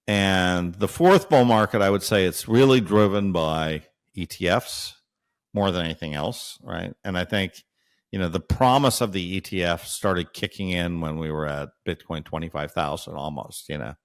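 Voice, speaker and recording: His voice is low and expressive, and he speaks a little slowly. The man, a guest analyst in an interview, explains at length while reasoning aloud, with frequent hesitations, lots of fillers, and checks like "right?".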